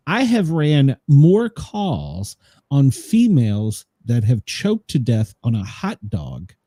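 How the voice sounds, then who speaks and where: A man's voice: medium pitch, dark tone, no echo. A man co-hosting a casual news chat show, rambling with lots of fillers and chuckles. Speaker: co-host of a daily news show; former emergency responder.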